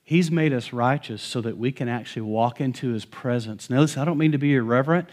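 A middle-aged male pastor preaching a sermon in a conversational, animated way, with touches of humor. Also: medium pitch, fast talker.

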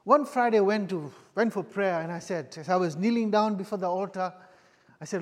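A man preaching a sermon with a personal testimony, earnest and halting, often restarting and repeating his phrases. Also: high voice, big-room sound.

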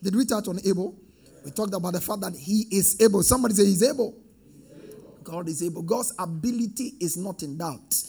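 High, gravelly-voiced preacher, husky. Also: male voice, brisk, mellow, soft background music. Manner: call-and-response preaching, sing-song emphatic swells. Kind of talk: sermon.

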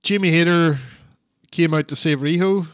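A man's voice: a little high, fairly even intonation, moderate pace, clear, resonant tone, dry recording, studio quality. A man co-hosting a podcast, chatting casually and rambling about wrestling, swearing and laughing often. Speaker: podcast co-host.

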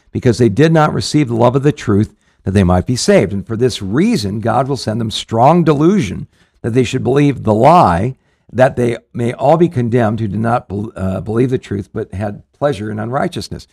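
A male pastor hosts a conversational Bible-teaching show. He talks earnestly, restarting phrases and filling pauses as he goes. His voice sits at an average pitch and is recorded dry and close. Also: lively intonation, gravelly, a little mellow, husky, no echo. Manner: earnest, rambling with frequent restarts and fillers.

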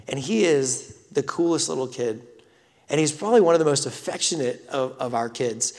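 Preacher man in a reverberant hall. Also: medium pitch. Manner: swings from loud scripture reading to hushed whispers. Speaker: pastor. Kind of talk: sermon. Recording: long reverb of a large hall.

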